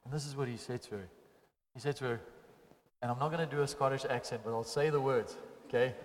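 A man preaching a sermon to his congregation, swinging between loud, emphatic passages and quiet, intimate ones. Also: mid-range voice, fast talker, slight background noise. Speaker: pastor. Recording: long hall reverb.

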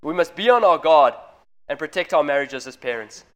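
A man's voice: on the high side, lively intonation, normal speed, fairly bright tone. A man preaching a sermon in an earnest, direct way, speaking straight to the parents in front of him.

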